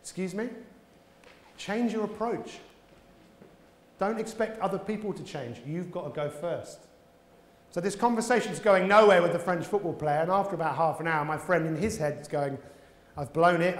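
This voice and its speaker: A man delivers a motivational keynote in a conference hall, his voice sitting high for a man. He is a lively storyteller who jumps into character voices. The echoey hall leaves a long reverb trailing after his words. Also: normal speed. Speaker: keynote speaker.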